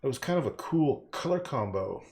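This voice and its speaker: A man narrates his own painting session on a livestream, drifting between half-thoughts and playful, profane asides. His voice sits at an ordinary middle pitch but swings widely up and down as he jokes with himself. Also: sing-song, moderate pace, a little mellow. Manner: talks to himself, swears casually, jokes; playful, self-mocking asides. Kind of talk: rambling live commentary while painting.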